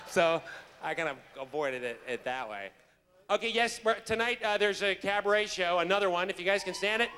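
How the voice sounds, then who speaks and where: A man's voice: sits high, fairly quick. A man telling a funny backstage story to a convention audience, laughing often and tripping over his words. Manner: animated, laughing, stumbling restarts. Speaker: convention guest actor. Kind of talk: casual on-stage storytelling. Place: convention hall stage. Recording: reverberant hall with faint crowd noise.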